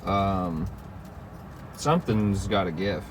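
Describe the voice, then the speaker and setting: Slow, low-voiced man rambling casually. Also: noisy background. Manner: rambling, filler-heavy, swears and laughs. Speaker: vlogger. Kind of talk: casual chat to camera.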